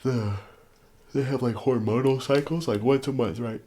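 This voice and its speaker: A man's voice: mid-range voice, moderate pace, warm tone. A young man hosting a podcast, chatting casually and rambling with lots of fillers. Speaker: podcast host. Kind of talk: casual chat.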